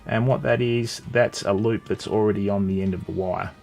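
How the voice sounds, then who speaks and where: A man's voice: lowish voice, fairly even intonation, moderate pace, gravelly, a little mellow, faint music behind. A man with an Australian accent hosting a casual live stream, chatting and greeting viewers while he works with his hands.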